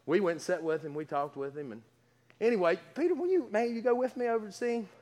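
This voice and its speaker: A man's voice: high-pitched, lively intonation, quick pace, darkish tone. A man preaching a sermon in a folksy, emphatic way, full of stammering restarts. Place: church sanctuary. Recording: long hall reverb.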